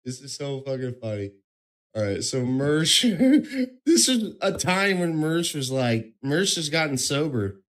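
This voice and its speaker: A man's voice: medium pitch, sing-song, a little slow, a bit bright. A young man streaming, telling a story in casual chat, laughing often and swearing freely.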